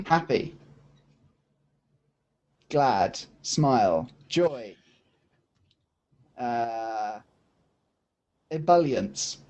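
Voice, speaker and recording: A man's voice: medium pitch, expressive, very slow, long pauses, darkish tone, lo-fi sound, slight background noise. A male podcast co-host in casual chat, playfully guessing at charades with short spoken guesses.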